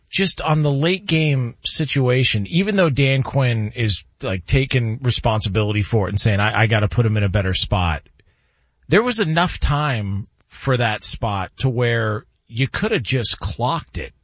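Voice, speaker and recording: A man's voice: medium pitch, unhurried, no echo. Man, sports talk host, casual, baffled questioning, dry muffled sound. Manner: perplexed, animated questioning with laughs.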